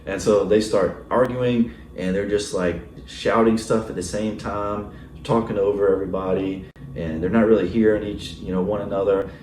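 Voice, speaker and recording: Mellow-voiced pastor in a roomy church. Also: male voice, lowish voice, fairly even intonation, normal speed, recorded from a distance, a little hiss or hum. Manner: casual, filler-heavy, asks the congregation "right?". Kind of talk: conversational sermon. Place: church sanctuary.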